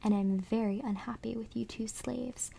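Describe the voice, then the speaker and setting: A woman voicing an evil male ventriloquist dummy in a growly, rasping whisper, as whispered role-play. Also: fairly high pitch, steady tone, normal speed, dark tone, exaggerated voice. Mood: menacing.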